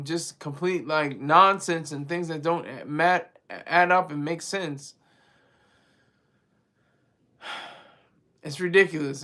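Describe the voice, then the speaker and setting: A man hosts a casual political commentary vlog. He talks in an animated, rambling way and often restarts his sentences. His voice sits a little high and has a bright, forceful edge. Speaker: vlog host.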